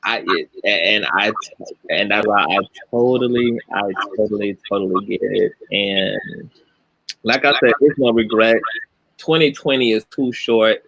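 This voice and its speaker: A man hosting a casual live chat, talking in an animated, emotional way with spiritual turns of phrase. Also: lowish voice, measured pace, vocal fry, no echo, dull audio. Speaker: channel host.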